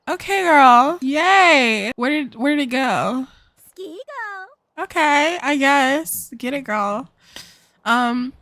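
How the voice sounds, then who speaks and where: A young woman giving chatty, excitable commentary while playing a life-sim video game, breaking into loud laughs and squeals. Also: on the high side, dry recording. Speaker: gaming YouTuber. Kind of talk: casual let's-play commentary. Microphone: desk microphone.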